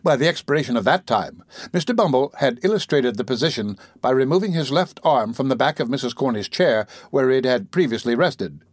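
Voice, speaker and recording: Measured male audiobook narrator. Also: medium pitch, lively intonation, no room sound, studio quality. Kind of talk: scripted narration of a classic novel.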